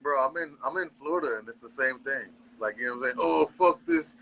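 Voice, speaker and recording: A man's voice: mid-range voice, fast talker, bright, forceful tone, lo-fi sound, slight background noise. A man co-hosting a casual podcast, laid-back and profane, laughing along.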